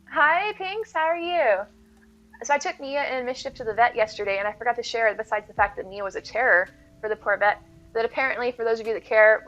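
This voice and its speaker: Bright, chatty woman streamer. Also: fairly high pitch. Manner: chatty, laughs often, thanks viewers. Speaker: game streamer. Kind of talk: casual live-stream chat. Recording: slightly dull audio with faint music.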